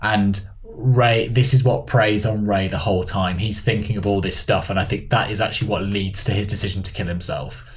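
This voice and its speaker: A man's voice: lowish voice, fairly even intonation, a little fast, few pauses. A man co-hosting a podcast, talking through a film with enthusiasm in casual chat. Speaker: podcast co-host.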